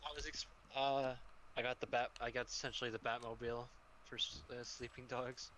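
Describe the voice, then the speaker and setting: A man's voice: medium pitch, little pitch movement, a little fast, sharp tone, a little hiss or hum. A man streaming a video game, chatting casually and profanely, often restarting his sentences. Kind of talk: casual gaming stream chat.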